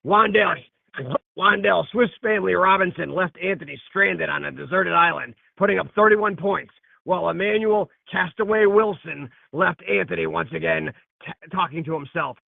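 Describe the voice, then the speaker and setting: A man with a gravelly voice reading a comic, scripted fantasy football recap on a podcast. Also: high-pitched, moderate pace, no echo, phone-quality sound.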